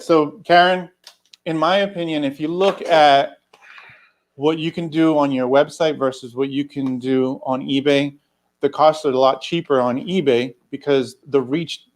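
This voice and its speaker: A man with an American accent co-hosting a livestream, giving calm, measured advice. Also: mid-range voice. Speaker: livestream co-host. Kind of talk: casual livestream chat.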